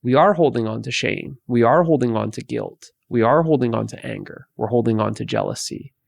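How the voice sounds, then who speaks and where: A man teaching about emotions in a slow, repetitive way, often restarting his sentences. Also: medium pitch, vocal fry, no echo, clean studio sound. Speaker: meditation teacher. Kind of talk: spoken guidance talk.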